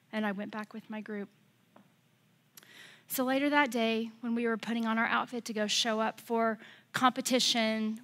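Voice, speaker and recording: A woman's voice: a little high, fairly bright tone. A middle-aged American woman pastor preaching a sermon, telling a personal story and building to passionate exhortation.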